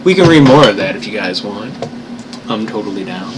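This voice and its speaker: A man casually chatting with viewers on a live stream, playful and chatty, who also reads a story aloud slowly. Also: on the low side, expressive, noisy background.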